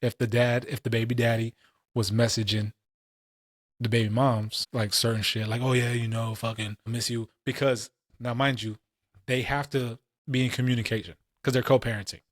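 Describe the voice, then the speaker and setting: In a clean studio recording with no echo, a man in his late twenties or thirties co-hosts a casual podcast. His mid-range voice keeps a level tone at normal speed as he tells stories in heavy, profane street slang.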